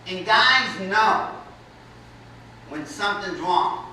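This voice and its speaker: High-voiced man telling a crude stand-up story. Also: slow. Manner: crude, deadpan storytelling with profanity. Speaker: stand-up comedian. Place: college comedy hall with audience. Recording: roomy, distant audience recording with noise. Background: audience laughter.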